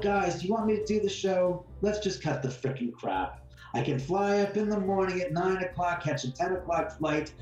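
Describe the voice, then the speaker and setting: A man's voice: sits high, a little mellow. A man being interviewed, bluntly telling a heated story and acting out the exchanges in it. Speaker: guest homeowner. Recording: roomy, distant mic, faint music behind.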